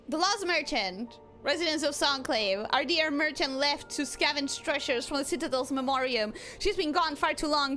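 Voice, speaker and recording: A young woman streaming a game in a casual, expressive way, often bursting into exasperated outcries. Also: sits high.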